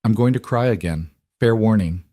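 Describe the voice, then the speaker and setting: A man's voice: on the low side, moderate pace, warm tone, no echo, natural voice. Worn-out woman boss, strained and pleading, dry close sound , read by a man. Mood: tearful. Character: weary exhausted woman executive.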